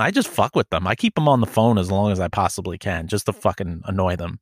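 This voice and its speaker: Animated storytelling man, dry close mic. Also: low-pitched, quick pace, hardly any pauses, no room sound. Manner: animated storyteller, acts out phone calls, swears. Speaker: podcast co-host. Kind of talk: casual chat.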